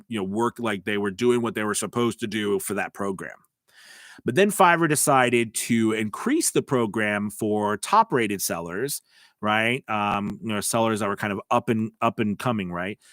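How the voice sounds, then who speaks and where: A man's voice: fairly low pitch, a bit bright, no echo, clean studio sound. A man hosting a live stream, reading out viewer comments and answering them in a rambling, casual way with many fillers. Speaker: voice-over coach and channel host.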